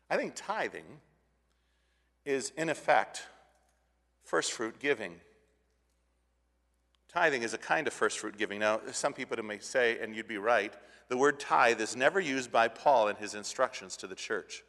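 A man preaching a sermon in earnest, swelling loud at times and dropping low, with frequent restarts. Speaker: pastor. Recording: long hall reverb.

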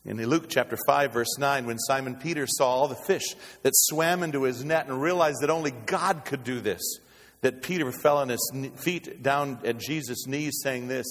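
A man preaching a sermon as pastor, with dynamic delivery that swings from loud exclamations to hushed low tones. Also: normal speed. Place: church sanctuary. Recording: reverberant hall.

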